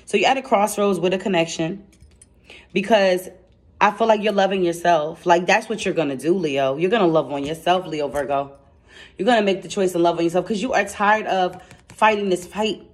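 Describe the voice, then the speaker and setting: A woman giving a casual tarot reading to camera, excitable and chatty, blunt and slangy, speaking straight to her viewers. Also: on the low side. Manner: excitable and chatty, laughs and exclaims. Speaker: tarot card reader.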